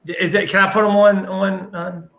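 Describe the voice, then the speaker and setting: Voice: medium pitch, little pitch movement, moderate pace, gravelly, crowd noise. A co-host on a live stream, chatting casually and easily in a back-and-forth. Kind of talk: casual chat.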